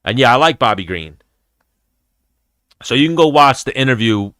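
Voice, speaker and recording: A man's voice: mid-range voice, animated, moderate pace, fairly bright tone, no echo, studio quality. A man hosting a casual fight-talk livestream, rambling and swearing freely as he chats with viewers. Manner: rambling, profane, chatty. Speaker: host of an MMA livestream.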